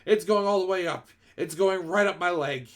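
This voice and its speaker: A man voicing a frantic adult male cook who yells and shrieks in panic. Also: high voice, moderate pace, pitched above the performer's own voice, close to an everyday voice. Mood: panicked. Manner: frantic yelling.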